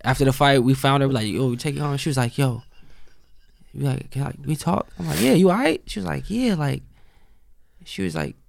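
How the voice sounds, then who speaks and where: A man's voice: mid-range voice, a little fast, creaky, pauses often. A young man, a guest on a casual podcast, telling a long story and acting out what each person said. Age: young adult. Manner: animated storyteller who acts out quoted lines.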